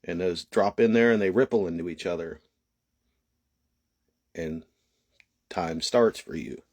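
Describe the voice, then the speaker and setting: A middle-aged man giving a personal testimony, halting and emotional, fighting back tears, with many pauses and restarts. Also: lowish voice, no room sound, studio quality. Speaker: testimony speaker.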